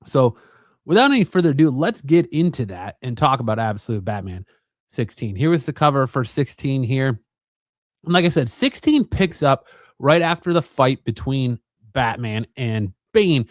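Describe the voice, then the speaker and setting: A man hosting a comic review channel, retelling a comic's plot in a relaxed, rambling way with lots of fillers. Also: medium pitch, normal speed, no room sound, studio quality. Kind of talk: casual comic book recap.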